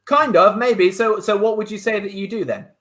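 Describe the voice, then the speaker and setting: A man's voice: high voice, normal speed, a bit bright. A man improvising comedy, quizzing and prodding his scene partner with frequent laughter.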